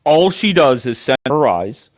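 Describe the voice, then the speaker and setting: Hosting a livestream, a man with a mid-range voice and big pitch swings argues at an unhurried pace. He's profane and combative, cursing often and cutting across his guest.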